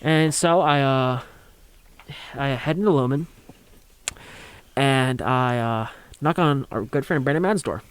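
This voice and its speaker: A man's voice: medium pitch, measured pace, long pauses, clean tone. A young man telling a rambling, funny story on a college radio show, acting out quotes and laughing along.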